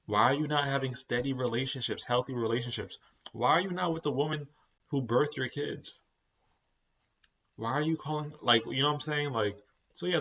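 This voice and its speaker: A man's voice: medium pitch, a bit bright, slightly rough, dull audio. A tired man, hosting a podcast as casual solo commentary, rambling with lots of fillers and repeats. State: tired, yawning. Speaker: podcast host.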